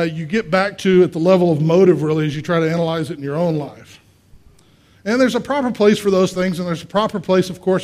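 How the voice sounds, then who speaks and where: A male pastor preaching a conversational sermon, asking the congregation questions and swinging between quiet and loud. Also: high-pitched. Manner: acts out voices in quotes, swings from quiet to loud.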